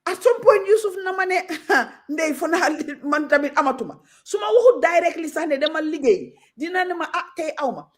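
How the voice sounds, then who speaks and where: A woman's voice: very high-pitched, expressive, brisk, hardly any pauses. A Gambian woman talking as a guest on a talk show, outspoken and passionate, moving freely between Wolof and English.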